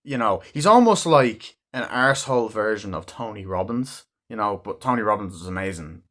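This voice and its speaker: A man's voice: on the low side, lively intonation, normal speed, a bit bright. A man giving a casual movie review, rambling and swearing freely as he acts out scenes.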